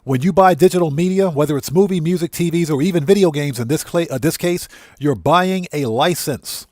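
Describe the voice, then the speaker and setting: A man's voice: on the high side, fast talker, mellow, no echo, clean studio sound. A man hosting a livestream, ranting indignantly and greeting chatters by name. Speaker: livestream host.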